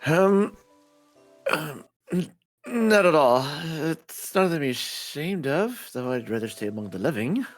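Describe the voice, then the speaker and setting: A woman doing a kind, soft-spoken young gentleman from a visual novel, with a lowered, husky voice. His pitch moves in a lively, expressive way, and faint game music plays behind him. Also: normal speed, few pauses, no room sound, heavily acted. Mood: soothing. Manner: formal, soft-spoken and reassuring. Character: gentle, courtly young man, kind and soothing. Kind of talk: voicing a visual novel character on stream.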